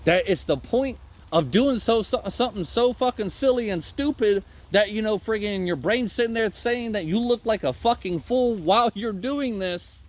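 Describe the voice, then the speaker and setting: Guy cussing his way thru a pep talk out in the rainy woods, voice sits kinda high. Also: normal speed. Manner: rambling and profane, swears often, jokes at himself. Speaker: podcast host. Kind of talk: unscripted motivational monologue. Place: outdoors in the woods in the rain.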